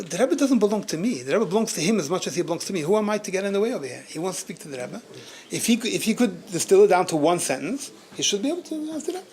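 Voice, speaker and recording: A man, a rabbi, telling a story at a community gathering, animated, often laughing and repeating words as he goes. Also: fairly high pitch, gravelly, a little hiss or hum.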